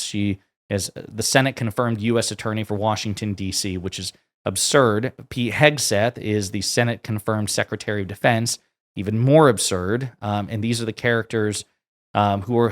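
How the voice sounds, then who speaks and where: A man with a slightly low voice hosts online political commentary. He reads quotes aloud, then adds blunt, sarcastic asides in a casual, offhand way. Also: steady tone, normal speed.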